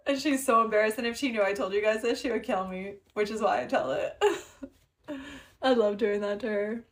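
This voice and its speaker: Speaking at a normal speed in a slightly high voice, a young woman from Canada chats casually on her livestream. She tells a story full of giggles and pauses between lines to thank viewers.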